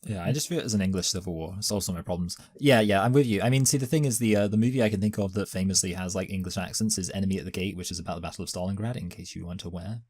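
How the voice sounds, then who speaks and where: A man with a lower voice talking fast in a casual film chat, tossing in dry jokes. The sound is close and dry, with no room echo. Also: darkish tone, slightly rough. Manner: dry, joking quips. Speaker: podcast co-host, film reviewer.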